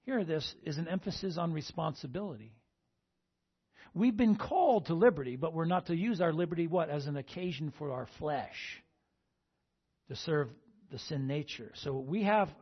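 Man, pastor, sermon, husky voice, a little high, dull lo-fi sound. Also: animated, normal speed. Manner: call-and-response, repeating "amen?" to the congregation.

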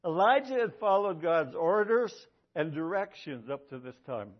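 A man with a high voice preaches an emphatic sermon, driving points home by repeating them. The recording is dull and lo-fi. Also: expressive, normal speed. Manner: emphatic, repeats key lines for effect. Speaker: pastor.

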